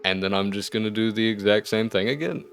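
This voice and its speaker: Male gamer host, deep voice, casual play-by-play with wry asides. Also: quick pace, vocal fry, over music. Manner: thinks aloud, wry asides, sudden excited outbursts. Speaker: gaming video host. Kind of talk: let's-play commentary.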